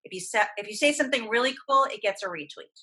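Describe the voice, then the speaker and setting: A woman's voice: fairly high pitch, fast, slightly rough. A woman guest on a podcast, chatting casually and enthusiastically as a voice actress about superhero films. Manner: enthusiastic, animated fan talk.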